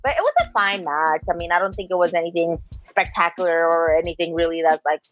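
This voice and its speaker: A woman co-hosting a casual wrestling review chat, talking fast with lots of "like" fillers and exasperated opinions. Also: fairly low pitch, low-quality recording. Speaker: podcast co-host.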